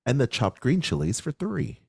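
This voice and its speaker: A man's voice: medium pitch, huge pitch swings, normal speed, gravelly, breathy edge, no room sound, clean studio sound. A man co-hosting a podcast in casual chat, playful and jokey, laughing often. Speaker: podcast co-host.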